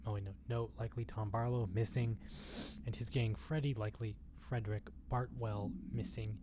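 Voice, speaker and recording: Amid noisy game ambience, a male streamer gives casual gameplay commentary at a moderate pace, his lowish voice fairly even in intonation. He reads in-game documents out loud, curses at what's happening, and occasionally lowers his voice to a whisper.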